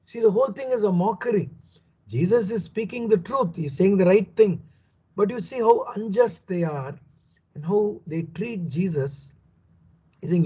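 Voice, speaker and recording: A man's voice: high-pitched, lively intonation, moderate pace, dark tone, slightly rough, highs cut off. A man preaching a Bible teaching sermon, emphatic and repetitive, often asking his listeners rhetorical questions.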